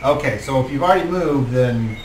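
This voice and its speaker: A man's voice: mid-range voice, expressive, fairly quick. A man running a tabletop game, narrating the action and explaining rules with lots of fillers. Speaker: game master. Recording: echoey room, mic far off, faint noise.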